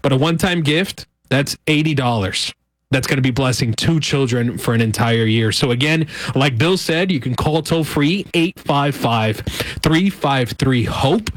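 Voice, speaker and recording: A man representing a charity on air, making an upbeat, persuasive fundraising appeal and slowly repeating the phone number. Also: medium pitch, no echo.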